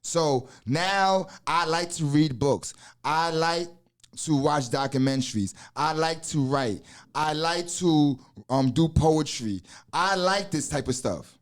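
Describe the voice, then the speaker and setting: A man's voice: on the high side, takes it slowly. A man in his forties with an American accent hosts a podcast in a loose, profane style, full of asides and restarts. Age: 40s. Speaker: podcast host. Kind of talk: casual podcast talk.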